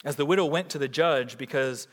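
A man preaching a sermon as pastor, swinging from loud emphatic peaks to hushed low passages. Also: brisk, in a large hall.

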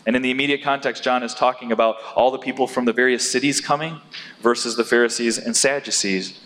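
A man preaching a sermon in an animated way, rising to loud, emphatic peaks as he drives his points home. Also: mid-range voice, fast talker. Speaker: pastor. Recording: long hall reverb.

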